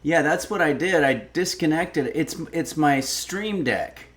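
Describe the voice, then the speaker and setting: A man's voice: fairly high pitch, lively intonation, measured pace, a bit bright. A man hosting a casual cooking livestream, rambling and wry, swearing when irritated. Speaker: cooking stream host.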